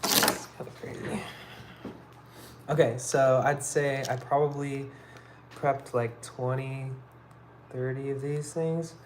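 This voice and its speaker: A relaxed man livestreams from his phone while he works, talking loosely and circling back on himself with plenty of "like" and "kinda crazy." His voice sits at an ordinary middle pitch, with a soft hum of background noise underneath. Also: slow pace, pauses often. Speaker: livestreaming artist. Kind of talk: casual live-stream chat while working.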